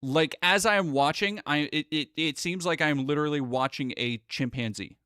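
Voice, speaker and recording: A man's voice: on the high side, normal speed, pushed and bright, smooth, no echo, studio quality. A man live streaming, rambling through sarcastic casual commentary with lots of restarts.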